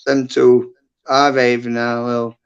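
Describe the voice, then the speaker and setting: A man's voice: mid-range voice, level tone, moderate pace, creaky, clear, resonant tone. A middle-aged man, rambling bluntly and swearing a lot as a guest in casual livestream chat. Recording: dull lo-fi stream audio.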